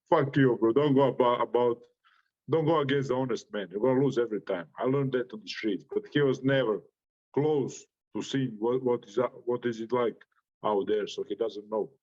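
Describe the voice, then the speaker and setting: A man's voice: medium pitch, moderate pace, darkish tone, muffled recording. A man with a Croatian accent, a boxer giving an interview full of brash, profane trash talk and frequent laughs. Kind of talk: interview reaction.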